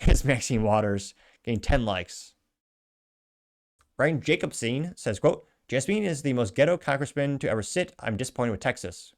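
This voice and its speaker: Wry male host reading comments. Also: medium pitch. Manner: wry, offhand asides with chuckles. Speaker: show host.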